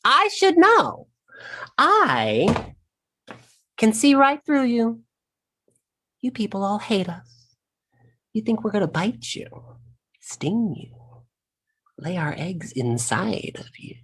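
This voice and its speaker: A man's voice: sits high, wildly swooping pitch, slow, long pauses, pushed and bright, husky, heavily acted. A man in a one-man stage monologue streamed online, playing a sassy, vain, profane trapped insect who talks straight to the audience. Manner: sassy, brash, addresses the audience directly.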